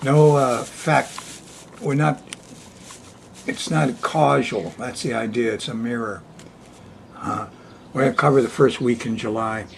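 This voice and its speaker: Speaking at a measured pace with a steady tone, this older male astrologer runs his weekly sky report like a relaxed chat, folksy and full of laughter between points. His mid-range voice is creaky, he pauses often, and there's slight background noise.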